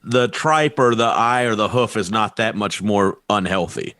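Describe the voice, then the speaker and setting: A man's voice: lowish voice, moderate pace, bright, forceful tone, dry recording. A man co-hosting a comedy podcast, rambling with restarts, laughing and swearing as he talks. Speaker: podcast co-host. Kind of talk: casual comedic chat.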